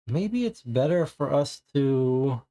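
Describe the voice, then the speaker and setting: A man playing a solo board game on stream, narrating the cards and then deliberating out loud. His voice sits at an average pitch, and he talks his choices through to himself. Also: lively intonation, slow pace. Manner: deliberating, muttering options to himself. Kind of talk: reading card text and thinking aloud during solo play.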